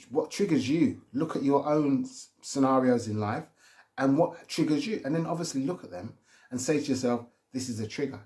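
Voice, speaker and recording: A man's voice: medium pitch, a little mellow. A man giving rambling, casual advice on emotional triggers, often restarting his sentences. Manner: rambling, repeats and restarts himself.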